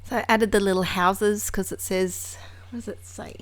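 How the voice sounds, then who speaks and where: A woman's voice: medium pitch, steady tone, moderate pace. A woman narrating her scrapbooking in a chatty, rambling way, with laughs and asides. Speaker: scrapbooking crafter. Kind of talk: casual craft vlog narration.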